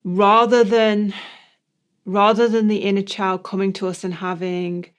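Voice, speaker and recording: A man co-hosting a reflective podcast discussion, explaining ideas in a measured way. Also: sits high, level tone, smooth. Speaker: podcast co-host.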